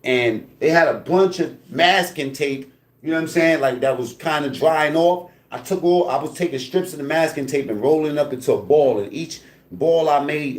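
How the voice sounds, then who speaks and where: A man with a medium-pitched voice, recorded in a roomy space, tells a casual, profane story from prison. He's animated, acting out voices and sounds and dropping plenty of fillers like "you know what I mean".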